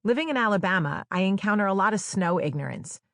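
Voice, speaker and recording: A woman's voice: medium pitch, animated, fast talker, a bit bright, no room sound. A woman from New Jersey narrating her own memoir audiobook in a wry, conversational storytelling manner with playful quoted dialogue, recorded on a close studio microphone. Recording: dry, close studio sound.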